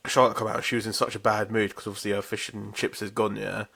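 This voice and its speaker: A man's voice: on the low side, flat delivery, fast, gravelly, bright, forceful tone, breathy edge. Blunt, sweary man. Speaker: podcast co-host. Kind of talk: casual chat.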